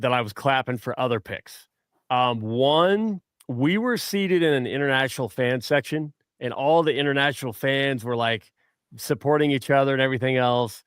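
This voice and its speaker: A male guest on a sports talk show tells lively stories, often restarting his sentences and acting out the voices of people he met. His voice sits at an ordinary pitch and is recorded dry, with no room echo around it. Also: smooth. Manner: animated storyteller, many restarts, acts out quotes. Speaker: guest superfan. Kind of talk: casual sports chat.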